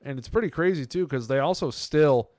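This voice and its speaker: A man's voice: fairly high pitch, brisk, darkish tone, no echo, studio quality. A man co-hosting a podcast in casual chat, telling stories with frequent laughs and acting out quotes. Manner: laughing storyteller, acts out quotes. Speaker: podcast co-host.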